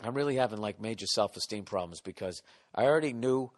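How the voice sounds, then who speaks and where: A man's voice: on the low side, fast, long reverb tail. A middle-aged man hosting a podcast, telling a comic story in a profane, exasperated rant. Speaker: podcast host.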